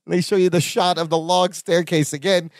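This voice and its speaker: A man co-hosting a podcast, telling sitcom scenes in a lively way, laughing often and acting out lines. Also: high voice, fairly quick, creaky, no room sound, studio quality. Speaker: podcast co-host. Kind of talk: casual chat recapping a sitcom episode.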